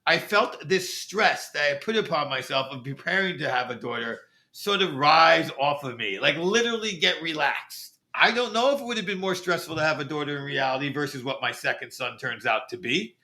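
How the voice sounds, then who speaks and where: A man's voice: fairly high pitch, a little fast, hardly any pauses, pushed and bright. A middle-aged man co-hosting a podcast, talking in a thoughtful, reflective way in casual chat. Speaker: podcast co-host.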